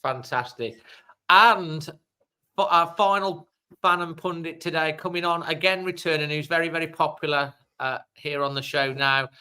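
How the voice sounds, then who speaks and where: A man's voice: a little high, moderate pace, sharp tone, smooth, low-quality recording. A man hosting a casual fan phone-in podcast, chatty and upbeat, with long rambling questions. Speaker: host of a fan phone-in show.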